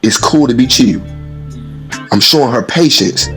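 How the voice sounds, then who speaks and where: A man talking casually and at length, telling everyday stories in an animated way, acting out other people's voices and laughing often. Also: mid-range voice, a little slow, soft background music. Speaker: speaker in a played clip. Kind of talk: casual storytelling monologue.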